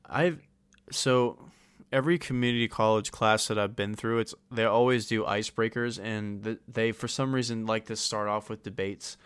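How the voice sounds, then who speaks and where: A man's voice: lowish voice, fairly even intonation, normal speed, fairly bright tone, clear, resonant tone. A young man co-hosting a podcast in casual chat, laughing often and cursing freely. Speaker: podcast co-host.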